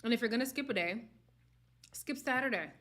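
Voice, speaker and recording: This young woman's voice is fairly high, expressive, and a bit bright, and she talks briskly. As host of a live reality-show chat stream, she laughs a lot while chatting openly and casually with her viewers.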